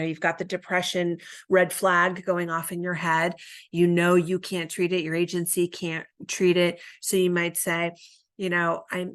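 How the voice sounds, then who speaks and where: A woman teaching a counselor training in a conversational way, often checking in with "right?" and acting out sample lines a counselor and a client might say. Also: lowish voice. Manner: conversational, tags statements with "right?". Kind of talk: recorded training lecture.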